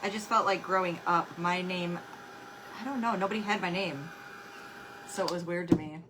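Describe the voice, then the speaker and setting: A woman's voice: fairly low pitch, moderate pace, noisy background. A middle-aged woman hosting a crafting livestream, chatting casually and rambling while greeting viewers by name. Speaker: crafting show host.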